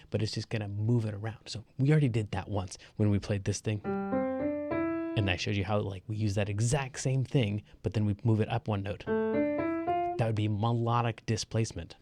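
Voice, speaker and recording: A man teaching an online piano lesson in a loose, chatty way, with fillers. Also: lowish voice. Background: piano playing.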